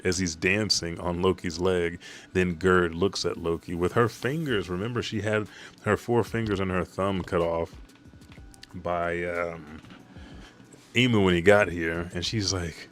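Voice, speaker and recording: A man's voice: low voice, fairly even intonation, a little slow, a bit bright, a little hiss or hum. A man casually recapping a manga chapter, rambling and swearing.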